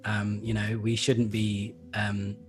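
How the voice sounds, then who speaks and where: A man explaining Feldenkrais practice in a relaxed interview, thoughtful and hesitant, with many fillers. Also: fairly low pitch, slow pace, faint music behind. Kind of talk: conversational interview.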